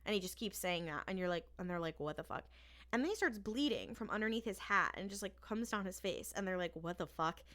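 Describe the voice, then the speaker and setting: Woman podcast co-host, bright and clear, casual animated recap. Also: mid-range voice, fast talker, hardly any pauses. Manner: animated retelling with quoted lines.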